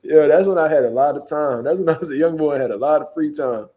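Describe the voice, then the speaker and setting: A young man tells rowdy, profane stories with lots of energy, acting out the people in them. His voice sits a bit high for a man but sounds dark and mellow. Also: quick pace. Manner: profane, animated street storytelling with acted-out quotes. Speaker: show host. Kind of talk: casual storytelling.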